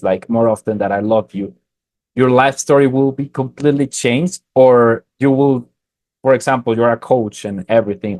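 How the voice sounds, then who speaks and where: A podcast host, a man, asking a guest questions haltingly while he searches for words. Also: mid-range voice, a little mellow, no echo. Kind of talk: interview questions.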